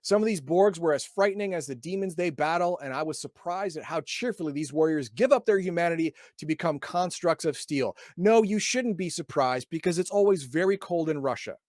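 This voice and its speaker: A man with a somewhat high voice reads from a role-playing book, then breaks off into wry, sarcastic comments. He trips over his words and repeats himself as he goes. The sound is dry and close. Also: lively intonation, a little fast, few pauses, darkish tone, no echo. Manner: stumbles and repeats words often. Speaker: podcast host reviewing a game book. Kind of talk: casual chat reading and riffing on a book.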